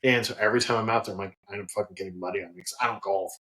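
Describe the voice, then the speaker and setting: A low-pitched man rattles off stories at a quick clip. He swears freely and keeps the talk casual, now and then doing the voices of the people in his story. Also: steady tone, pushed and bright. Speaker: guest, head distiller.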